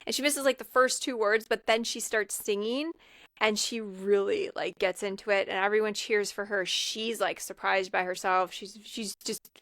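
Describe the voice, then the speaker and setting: A woman with a gravelly, creaky edge to her mid-range voice walks through a film's plot in a loose, chatty podcast recap. She talks scene by scene, often pausing on "um". The sound is close and dry, with no room around it. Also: medium pitch, steady tone, a bit bright, no room sound. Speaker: podcast co-host. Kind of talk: casual film recap chat.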